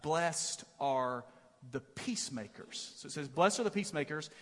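A middle-aged man preaching a sermon as pastor, telling stories in an animated, self-deprecating way with many "right?" asides. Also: high-pitched, fairly quick, long reverb tail. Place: large church auditorium.

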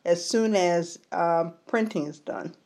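A woman hosting a podcast, interviewing a guest with measured questions and some hesitant fillers. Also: lowish voice, darkish tone. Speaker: podcast host.

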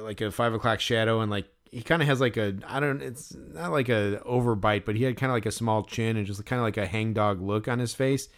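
A young man co-hosting a podcast, telling a story in casual chat. He rambles and fills his speech with filler words. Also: fairly low pitch. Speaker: podcast co-host.

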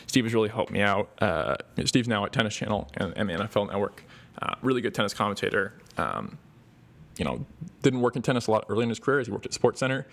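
Gravelly low-voiced young man. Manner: rambling, many fillers and restarts. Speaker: podcast host. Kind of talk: casual thank-you monologue.

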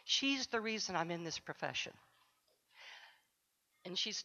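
Woman counselor, mid-pitched, heartfelt acceptance speech, muffled sound with long hall echo. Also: animated, a little slow, sharp tone. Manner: heartfelt, speaks directly to the audience. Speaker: award recipient, counselor. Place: conference luncheon hall. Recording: dull sound in a large echoing hall.

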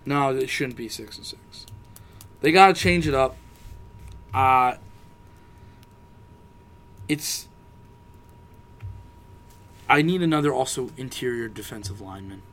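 A man with a mid-pitched voice co-hosting a sports podcast. He rants in frustration and swears freely. The talk is loose and casual. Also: animated, slow, pauses often, a bit bright. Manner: profane, frustrated ranting. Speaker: podcast co-host.

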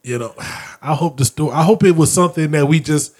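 A man's voice: on the high side, fairly quick, darkish tone, breathy edge. A man hosting a podcast, rambling and laughing as he talks. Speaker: podcast host. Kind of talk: casual joking chat.

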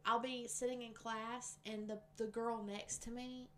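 A woman's voice: fairly high pitch, flat delivery, a little slow, fairly bright tone, slight background noise. A woman in her twenties chatting casually, reading bits from a website with giggly, wry asides. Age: 20s.

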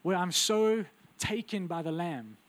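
Intense high-voiced man preaching. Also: expressive, unhurried. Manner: intense, swings from loud urgency to quiet intimacy. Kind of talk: sermon.

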